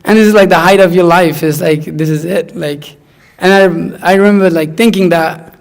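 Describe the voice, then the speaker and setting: Young man, fairly high voice, casual chat, lively storytelling, mimics friends. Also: moderate pace, vocal fry. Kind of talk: casual conversation.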